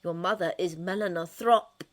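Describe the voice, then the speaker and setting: A woman reading a fanfiction story, voicing a smooth-talking older male ruler who is patient and condescending. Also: fairly low pitch, normal speed, close to an everyday voice. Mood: wistful.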